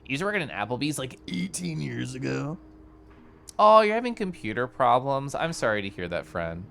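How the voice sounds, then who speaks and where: Animated, giggly game streamer. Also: mid-range voice, fairly quick, vocal fry, slight background noise. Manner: chatty, reacts to chat and reads game dialogue aloud. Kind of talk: casual live-stream chat while playing.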